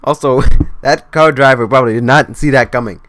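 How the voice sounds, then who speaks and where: A man reacting to an anime episode in casual commentary, excitable and swearing, swinging between loud outbursts and low mumbling. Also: brisk.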